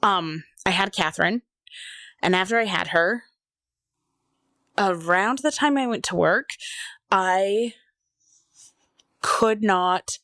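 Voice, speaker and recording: A woman's voice: medium pitch, takes it slowly, long pauses, fairly bright tone, no room sound, studio quality. A woman in her thirties co-hosting a podcast, candidly telling a personal story and acting out what people said to her. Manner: candid personal storytelling, acts out quoted voices. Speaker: podcast co-host. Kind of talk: casual chat.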